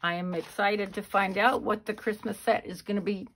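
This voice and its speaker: A woman hosting a craft channel, giving a chatty, unhurried show-and-tell of her handmade cards. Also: medium pitch, fairly even intonation, fairly bright tone, a little hiss or hum. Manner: chatty, unhurried walk-through. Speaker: card-making channel host.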